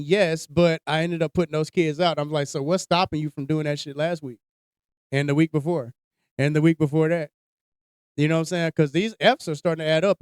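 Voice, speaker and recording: A man's voice: a little high, dry recording, clean studio sound. A young man co-hosting a podcast, telling a story in casual, blunt, profane chat. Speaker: podcast host.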